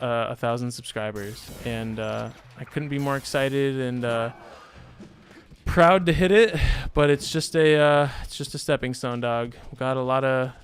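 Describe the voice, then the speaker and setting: A man's voice: mid-range voice, a little hiss or hum. Casual rambling young man streamer. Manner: loose and rambling, heavy on fillers. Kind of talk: casual storytelling chat.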